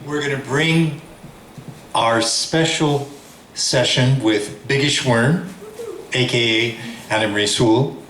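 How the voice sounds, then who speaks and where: A man's voice: medium pitch, a bit bright. A man hosting a seminar, announcing the next part to the audience. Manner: slow, deliberate announcing. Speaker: seminar host. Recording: echoey room with crowd and faint noise.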